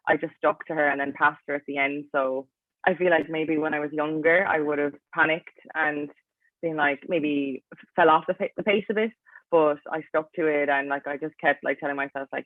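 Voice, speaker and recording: A woman's voice: low-pitched, flat delivery, fairly quick, dry recording. A young Irish woman in her twenties, an athlete guest chatting casually in an interview and dropping "like" into nearly every phrase. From Ireland. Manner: chatty, fills talk with "like". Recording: tinny, dry, phone-like line.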